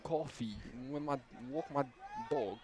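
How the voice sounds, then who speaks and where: A man putting on a loud, brash New Jersey man with an exaggerated New Jersey accent, halting as he gropes for it. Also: on the high side, lightly acted. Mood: mock brash. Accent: put-on New Jersey accent.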